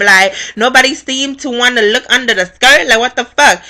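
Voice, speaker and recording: Bright, blunt young woman vlogger. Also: sits high, moderate pace, few pauses. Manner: blunt, profane, animated storytelling. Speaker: reality show reviewer. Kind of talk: casual recap vlog.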